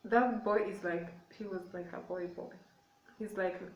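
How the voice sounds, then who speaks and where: A woman's voice: mid-range voice, normal speed, darkish tone, far from the mic, slight background noise. A young woman tells a personal story in a casual, emotional way, circling back and repeating herself as she goes. She sits some way from the microphone, and the room gives her voice a hollow echo. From Kenya. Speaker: vlogger. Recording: echoey room, away from the mic.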